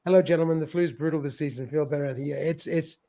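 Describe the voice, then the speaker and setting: Chatty higher-voiced man hosting a stream. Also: steady tone, very fast, dark tone. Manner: chatty, laughs often, stumbles and repeats words. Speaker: livestream host. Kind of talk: casual chat reading viewer comments.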